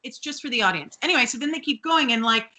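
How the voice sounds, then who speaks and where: Bright, sarcastic woman podcast co-host. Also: on the high side, quick pace, poor audio. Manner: sarcastic, animated, swears freely. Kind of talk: casual chat.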